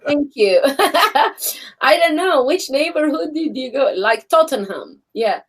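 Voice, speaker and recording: A woman from Albania with an Albanian accent, co-hosting a casual live-stream chat, animated and laughing often. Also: high voice, unhurried, poor audio. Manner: animated, laughs often, acts out quoted people. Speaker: co-host. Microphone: phone or webcam on a live stream.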